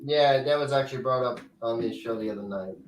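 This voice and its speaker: A man's voice: mid-range voice, a little fast. A man hosting a paranormal talk show, chatting loosely and joking with guests. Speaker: podcast host. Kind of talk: casual chat. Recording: echoey room, distant mic, faint noise.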